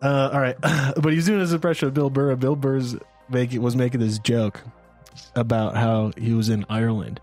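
A man's voice: mid-range voice, level tone, normal speed, a little mellow. Give me a man co-hosting a podcast, telling rambling stories in casual chat over faint music. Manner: rambling, filler-heavy storytelling. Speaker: podcast co-host.

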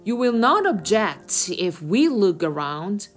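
A woman reading aloud gives voice to a stern male officer who barks his questions harshly and loudly. The reading is animated, with pitch that rises and falls freely. It is a storybook read-aloud for learners. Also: unhurried, soft background music. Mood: menacing. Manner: harsh, barking, loud.

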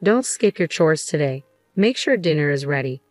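Controlling husband, condescending, sneering , voiced by a woman, low-pitched, dry sound. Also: animated, moderate pace, darkish tone, no room sound, faint music behind. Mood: domineering. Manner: barking, sneering.

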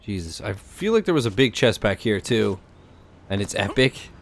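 A man casually commentating his gameplay in a chatty, rambling, excitable way. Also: lowish voice, moderate pace, a little hiss or hum. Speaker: gaming streamer. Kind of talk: casual let's-play commentary.

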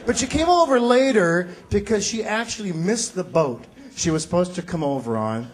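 Stand-up comic, male, high-pitched and animated, recorded live on stage with a loud laughing crowd. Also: normal speed, hardly any pauses. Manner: animated punchline delivery, slips into character voices. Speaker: stand-up comedian. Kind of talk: stand-up comedy set. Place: theater stage before a live audience.

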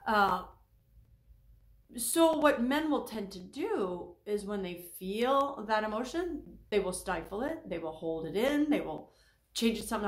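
A woman counselor gives a faith-based teaching talk, voice carrying a gravelly edge. She is animated and slips into little acted-out quotes. The sound rings a bit in a roomy space. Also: unhurried. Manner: animated, acts out quoted speakers with pitch jumps.

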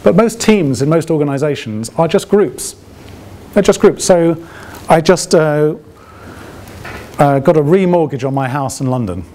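A man's voice: a little high, animated, unhurried, long pauses, dark tone. A man giving an open lecture to alumni in a conversational way, often checking with the audience through rhetorical questions and dry, ironic asides. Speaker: guest lecturer.

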